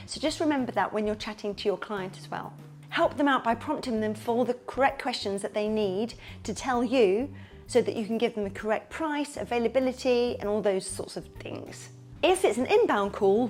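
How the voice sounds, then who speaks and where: A woman's voice: fairly high pitch, normal speed. A woman giving casual business advice, jumping into comic voices for pretend phone calls. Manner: lively, switches into comic voices. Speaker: kids party entertainer and business coach.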